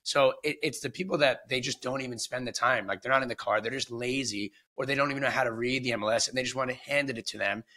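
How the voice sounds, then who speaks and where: A man co-hosting a podcast and working as a listing agent, talking in an animated, exasperated way, acting out phone calls and swearing. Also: mid-range voice, fast talker, few pauses. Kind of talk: casual podcast chat.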